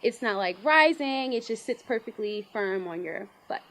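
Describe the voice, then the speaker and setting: A woman's voice: on the high side, expressive, moderate pace, fairly bright tone, low-quality recording. A woman, chatting bubbly and casually as an interview guest, full of "like" and "um". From Baltimore, Maryland. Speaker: pageant titleholder guest.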